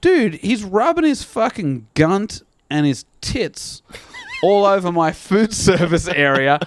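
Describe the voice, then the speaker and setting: A man's voice: sits high, wildly swooping pitch, slow, slight background noise. A man ranting through a comic story on a podcast, swearing and slipping into put-on voices. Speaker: podcast co-host. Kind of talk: casual comedic storytelling.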